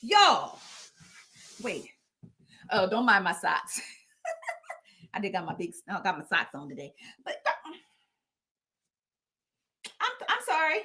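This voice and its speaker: A woman's voice: mid-range voice, wildly swooping pitch, takes it slowly, pauses often, bright, forceful tone. A woman hosting her own livestream, chatting playfully and animatedly with her viewers. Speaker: livestream host. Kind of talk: casual livestream chat.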